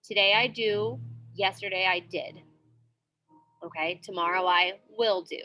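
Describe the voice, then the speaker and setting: A woman's voice: medium pitch, steady tone, measured pace, sharp tone. A woman teaching a grammar lesson in a classroom, patient and repetitive, checking in often with the students. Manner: patient, repeats with frequent "okay?" checks.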